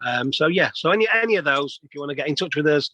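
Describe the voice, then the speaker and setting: A man's voice: fairly high pitch, animated, fast talker, pushed and bright, dry recording, rough recording. A man, a plumber telling stories as a guest in a casual interview. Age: 50s. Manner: chatty storyteller, many restarts.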